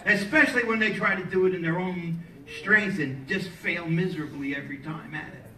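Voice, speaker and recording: A male pastor preaching a sermon in a church, lively and joking with the congregation between points. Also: high voice, a little fast. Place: church sanctuary. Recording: echoey hall, mic at a distance, faint ambience.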